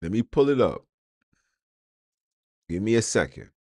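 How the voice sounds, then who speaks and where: Slow, combative male podcast host. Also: on the low side, expressive, a little mellow, dry recording, studio quality. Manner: challenging, full of rhetorical questions; addresses listeners directly. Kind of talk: argumentative monologue.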